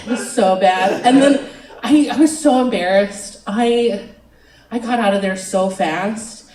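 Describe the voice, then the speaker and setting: A woman's voice: a little high, measured pace, recorded from a distance, crowd noise. A young woman doing a stand-up comedy set, chatty and self-mocking, giggling between lines. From United States. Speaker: stand-up comic. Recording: roomy venue, picked up from afar.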